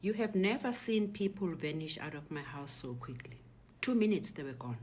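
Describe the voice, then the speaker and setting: A middle-aged woman with a South African accent tells her story in a low, hushed voice that often drops nearly to a whisper. She speaks as an interview guest giving emotional personal testimony. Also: animated, normal speed, a little hiss or hum.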